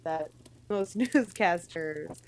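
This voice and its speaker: With slight background noise behind her, this woman talks slowly in a lowish voice with lively intonation. She co-hosts a podcast, wandering through stories in relaxed conversation, often laughing and making fun of herself.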